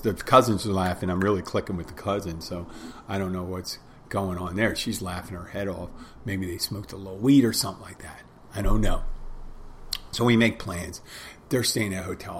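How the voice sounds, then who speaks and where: A man's voice: low voice, slight background noise. Rambling man telling a personal story. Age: 20s. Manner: rambling, self-interrupting storytelling with quoted dialogue.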